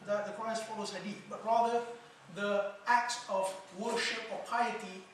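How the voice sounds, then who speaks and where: A man giving a conference lecture, measured and explanatory, posing questions to his audience. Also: high-pitched, fairly even intonation. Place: conference hall. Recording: echoey hall from far off with noise.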